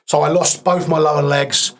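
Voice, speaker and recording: A man's voice: a little high, little pitch movement, moderate pace. Blunt, matter-of-fact man telling his story. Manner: blunt, matter-of-fact retelling, dark humour. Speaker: podcast guest. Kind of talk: candid storytelling interview.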